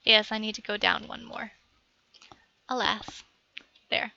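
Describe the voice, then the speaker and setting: A woman talks slowly and chattily through a game tutorial at her home computer, stopping now and then to address her cat. Her voice is bright and crisp. The recording sounds dull and lo-fi. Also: mid-range voice, level tone, slight background noise. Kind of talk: rambling gameplay tutorial.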